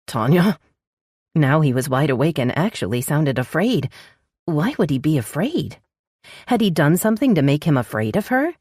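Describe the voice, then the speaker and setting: A woman narrating a romance audiobook in an expressive, scripted style, close to the mic. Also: normal speed, husky, no echo. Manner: expressive, voices dialogue with sharp pitch jumps.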